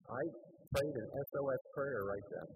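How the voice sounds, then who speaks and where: A man's voice: medium pitch, expressive, normal speed, creaky, noisy background. An older man preaching, telling his testimony earnestly and building to emphatic declarations. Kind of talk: testimony sermon.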